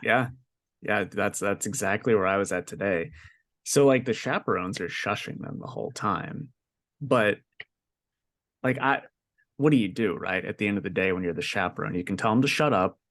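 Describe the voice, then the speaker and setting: A man's voice: lowish voice, moderate pace, a bit bright. A young man co-hosting a podcast, telling a story in casual, profane, exasperated chat. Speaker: podcast co-host.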